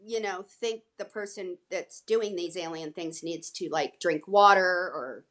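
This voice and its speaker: A woman telling anecdotes in a casual interview, animated and acting out what others said. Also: on the low side, a little slow, slight background noise. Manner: animated, acts out quotes from others. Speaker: guest actress. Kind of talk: casual storytelling.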